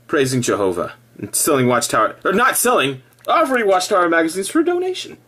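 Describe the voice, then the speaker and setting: A middle-aged man ranting casually to camera about his past, animated and sarcastic, with laughing asides. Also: fairly high pitch, fairly quick. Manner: animated, laughing asides, mock-cheerful impressions. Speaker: ex-member giving opinions.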